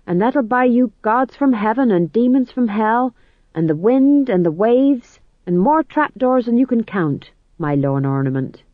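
A man's voice: extremely high pitch, expressive, unhurried, no room sound, phone-quality sound, voice pushed up. A man voicing a shrewd, money-minded young male actor in an audiobook reading. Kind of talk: audiobook narration.

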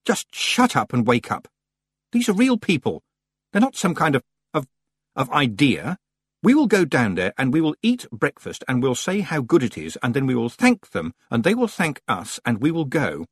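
A man voicing a sharp, blunt young witch girl who talks briskly and forcefully. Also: medium pitch, huge pitch swings, husky, dry recording, clean studio sound, voice pushed up. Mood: angry.

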